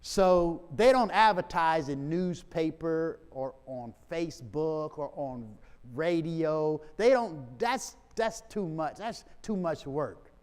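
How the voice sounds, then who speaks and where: A male pastor speaks slowly in a smooth, resonant, somewhat high voice. He tells his congregation about a mission trip in a relaxed, chatty way, breaking into laughing asides. The sound carries a long church reverb. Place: church sanctuary.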